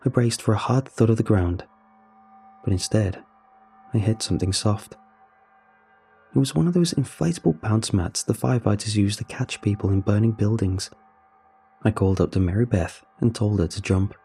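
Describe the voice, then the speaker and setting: A young man narrating a first-person horror story in a somber, measured, confessional way. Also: on the low side, gravelly, warm tone, breathy edge. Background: faint music.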